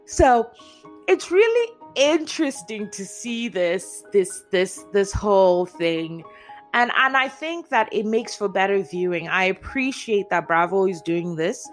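A woman's voice: medium pitch, a little slow, soft background music. A woman chatting casually as she recaps a reality TV show, acting out what people said and laughing often. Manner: animated storyteller, acts out quotes, laughs often. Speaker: reality TV commentator.

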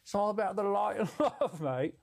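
A man's voice: high voice, lively intonation, moderate pace, creaky, no echo, heavily acted. A man voicing a stoned, laid-back guru uncle in a put-on mix of Scottish, Australian and Cockney accents, rambling and drawling on a livestream. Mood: rambling mellow. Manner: rambling, mellow, drawling "mate" and "brother". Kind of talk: livestream character bit.

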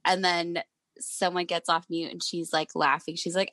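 A woman's voice: fairly low pitch, little pitch movement, moderate pace, fairly bright tone, no room sound. A woman in her thirties, a manager and parent, telling a story in casual chat and acting out the quotes.

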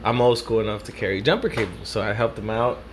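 A young man from Southern California tells a story in a loose, rambling way, full of swearing and Spanish slang words. His voice sits a little low. A faint background noise can be heard behind him. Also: fast. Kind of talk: casual storytelling.

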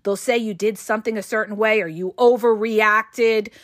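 A woman's voice: medium pitch, steady tone, moderate pace, dry recording, clean studio sound. A woman hosting an advice podcast, talking bluntly and emphatically, swearing casually and often checking in with "okay?" and "all right?". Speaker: podcast host.

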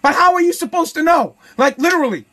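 Bright high-voiced man ranting heatedly. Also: expressive, fast talker. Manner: heated, swearing, repeating phrases for emphasis. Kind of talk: profane opinion rant.

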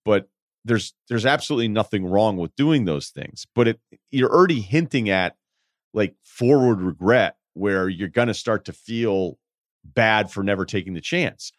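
Brief: young male podcast host, low voice, dry close sound, blunt and rambling with casual swearing. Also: lively intonation, normal speed, no echo. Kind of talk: casual advice talk.

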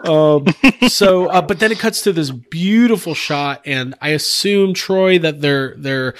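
Man, slightly high voice, rambling casual podcast talk, lots of fillers. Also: unhurried. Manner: rambling, laughs often, many fillers. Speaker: podcast co-host. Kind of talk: casual group chat.

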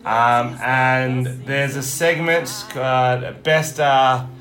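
A man phoning his brother to announce a podcast prize, speaking haltingly with fillers. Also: medium pitch, little pitch movement, a bit bright, roomy sound. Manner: hesitant, halting delivery. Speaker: podcast co-host. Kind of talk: phone call to a relative.

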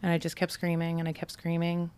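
Speaking quickly in a lowish, somewhat dark, smooth monotone, this Brockton, Massachusetts woman is a podcast guest. She tells a personal story in a relaxed way, often saying "like" and quoting the people involved.

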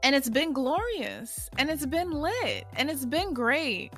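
An out-of-breath young woman hosts her own podcast, bursting with energy and dropping slang as she talks. Her voice is bright and a little high, and she takes her time despite the excitement. Faint music sits behind her. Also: takes it slowly. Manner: energetic, exuberant, slangy, laughs often. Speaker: podcast host and spiritual healer. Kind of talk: casual solo podcast monologue.

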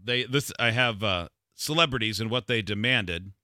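A man's voice: lowish voice, normal speed, sharp tone, dry recording, studio quality. A man hosting a casual podcast chat, leading the topics in a chatty way. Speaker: podcast host.

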